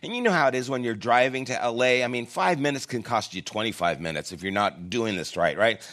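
A man's voice: medium pitch, brisk, fairly bright tone. A man preaching a sermon as a pastor, telling a personal story in a casual, conversational and self-deprecating way. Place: church.

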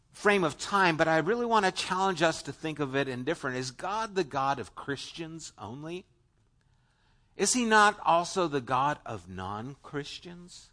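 Bright-voiced earnest male preacher. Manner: earnest, conversational preaching with many restarts and asides to the congregation; swings between emphatic loud phrases and hushed low asides. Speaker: pastor. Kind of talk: sermon.

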